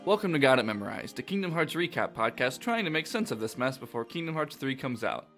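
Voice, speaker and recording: A man hosting a casual podcast, with a lively voice that swings up and down. He is playful and laughs easily. He talks casually with his co-host. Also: medium pitch, fast talker, soft background music.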